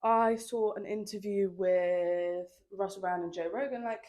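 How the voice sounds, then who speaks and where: A woman's voice: mid-range voice, steady tone, a little slow, a little mellow, dry recording. A young woman hosting a casual solo podcast, chatting in a rambling, filler-heavy way with sassy asides, recorded outdoors on a handheld microphone. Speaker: podcast host. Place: outdoors on holiday by the sea.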